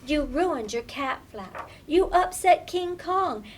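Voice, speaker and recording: A cross little girl scolding her pet, her voice pitched high and swooping up and down, loud and emphatic on every item she lists, as a woman reads her part aloud. She speaks slowly, drawing out each complaint. A storybook voice. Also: lively intonation, a little hiss or hum.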